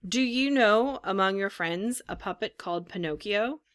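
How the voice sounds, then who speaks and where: A woman voicing a large, calm, helpful male pigeon who talks in a matter-of-fact way. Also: medium pitch, moderate pace, smooth, lightly acted.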